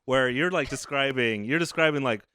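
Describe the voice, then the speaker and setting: A man's voice: medium pitch, normal speed, bright, forceful tone, clean tone, no echo. A man on a comedy podcast telling self-deprecating anecdotes. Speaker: podcast co-host. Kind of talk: casual comedic chat.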